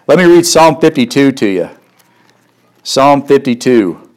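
A man's voice: expressive, a little slow, darkish tone, rough recording. Emphatic man preaching a sermon. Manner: emphatic, rhetorical questions, rises in pitch when stirred. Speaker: pastor.

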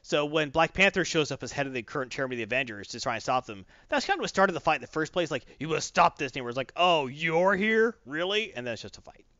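A man chats casually and retells a comic story with lots of character quotes. His pitch swings widely. The audio is muffled and very dry. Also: rapid-fire, few pauses, dry recording. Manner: animated, storytelling, quoting characters. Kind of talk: casual chat recapping a comic. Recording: dull lo-fi, dry.

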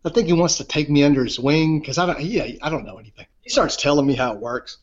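Man, guest telling a story, animated, self-deprecating, fairly high voice, dull lo-fi recording. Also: fast talker. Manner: animated, self-deprecating, fillers of "you know". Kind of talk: casual conversational storytelling. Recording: dull lo-fi sound.

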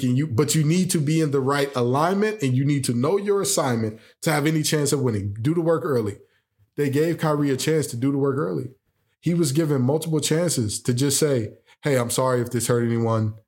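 Sports talk guy, slightly high voice, fired up and sarcastic, keeps firing rhetorical questions. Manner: animated and emphatic, full of rhetorical questions; sarcastic jokes and exclamations. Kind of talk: opinionated sports commentary.

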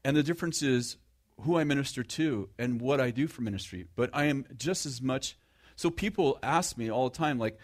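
A man's voice: mid-range voice, fairly quick. A middle-aged man giving a conversational sermon to a live audience, joking about himself, restarting his sentences and asking the listeners questions. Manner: self-deprecating humor, frequent restarts, asks the audience questions. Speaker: preacher.

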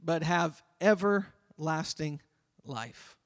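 A grandfather and pastor preaching a sermon in a church, emphatic and repetitive, pausing between words. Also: a little high, expressive. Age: older. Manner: emphatic, repeats key phrases, pauses between words. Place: church sanctuary. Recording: long reverb in a large hall.

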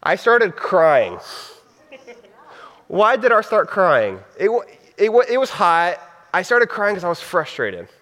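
A man's voice: high-pitched, sing-song, slow pace, pauses often, sharp tone. A man in his thirties, a pastor telling a personal story in a sermon, casual and heartfelt with laughing asides. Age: 30s. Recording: long reverb of a hall.

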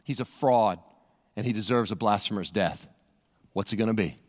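A pastor preaching an expressive, dramatic sermon full of rhetorical questions in a church. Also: male voice, lowish voice, normal speed. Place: church sanctuary. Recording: long church reverb.

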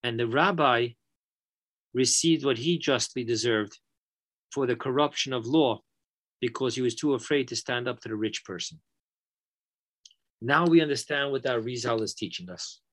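Animated man teaching a Torah lesson. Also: medium pitch, normal speed, pauses often. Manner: animated, emphatic storyteller.

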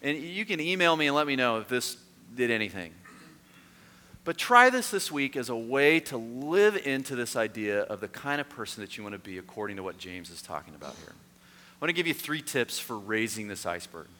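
A man preaching a sermon as a pastor, in a conversational storytelling manner that turns lively and self-mocking. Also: medium pitch, a little fast. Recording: echoey hall.

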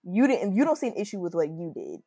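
A woman co-hosting a podcast in casual chat, blunt and quick to agree emphatically. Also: fairly low pitch, big pitch swings, dark tone, no echo. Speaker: podcast co-host.

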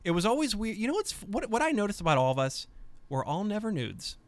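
A man's voice: high voice, big pitch swings, quick pace, no room sound. A man hosting a casual comedy podcast, rambling and cutting himself off mid-sentence as he jokes with his co-hosts. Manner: rambling, self-interrupting, joking. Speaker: podcast host.

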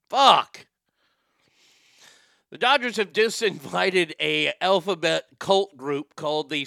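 A man's voice: a little high, sharp tone, dry recording, studio quality. A man hosting a casual morning show, reading out listener messages and ranting with plenty of swearing. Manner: profane, ranting, reads listener messages aloud. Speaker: show host.

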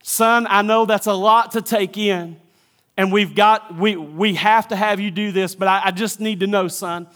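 A male pastor in a dramatic sermon monologue, voicing God the Father as he speaks earnestly to his son and drops to a hushed near-whisper on tender words. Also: sits high, steady tone, normal speed. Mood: tender, solemn.

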